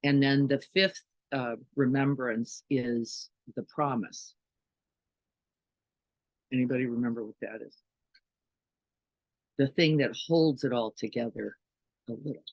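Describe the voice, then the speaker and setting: A woman's voice: extremely low pitch, fairly even intonation, a little slow, long pauses, no echo, low-quality recording. A woman giving a conversational dharma talk as a meditation teacher, often checking in with listeners with questions and "right?". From Chicago, United States.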